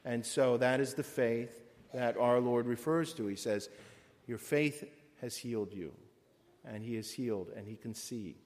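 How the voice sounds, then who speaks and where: A male priest reads scripture and preaches in a slow, solemn, measured cadence. His voice sits in a middle register. The long reverb of a church hall trails behind every phrase. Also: mid-range voice, darkish tone. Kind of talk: liturgical reading and sermon.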